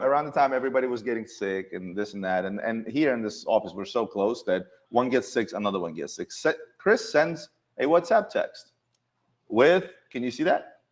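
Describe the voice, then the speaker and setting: In an easygoing office conversation with colleagues, a man acting as show host tells animated anecdotes, often backing up to restart what he's saying. His pitch is medium.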